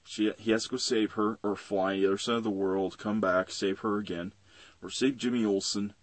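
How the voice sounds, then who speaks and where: A man's voice: lowish voice, fairly even intonation, normal speed, no room sound. A young man casually rambling through a comic book review, with plenty of fillers and swearing. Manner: rambling and profane, with many fillers.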